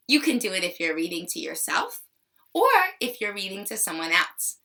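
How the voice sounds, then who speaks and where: Woman teacher, children's reading lesson, lively bright voice, gravelly edges. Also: medium pitch, far from the mic. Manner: slow, expressive, encouraging.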